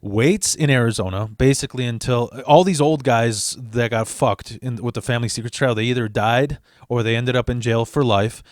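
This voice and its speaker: A man's voice: mid-range voice, moderate pace, few pauses, dry recording. Brief: man, mid-range voice, loose and foul-mouthed storyteller, dry close sound. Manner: rambling and profane, with restarts and asides. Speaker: storyteller host of his channel. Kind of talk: casual storytelling.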